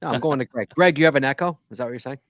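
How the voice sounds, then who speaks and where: A man's voice: medium pitch, rapid-fire, a bit bright, no room sound. A middle-aged man hosting a podcast in casual chat over a video call, joking about himself and often trailing off into mutters. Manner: chatty, self-deprecating, drops into mutters. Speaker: podcast host.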